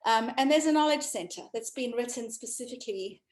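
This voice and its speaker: A chatty woman with a fairly high voice, coaching over a video call. She talks in a relaxed, easygoing way, with plenty of ums as she winds down a session. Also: brisk, rough recording. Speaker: running coach. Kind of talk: casual workout wrap-up and self-promotion.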